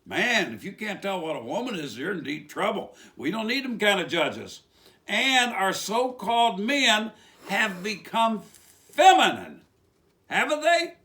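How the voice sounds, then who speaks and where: A man with a West Virginia accent delivers a loose, rambling sermon, peppering it with rhetorical questions. His voice sits high and bright and swings widely up and down, pushing hard on every point. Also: sing-song, unhurried. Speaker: preacher. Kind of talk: informal sermon monologue.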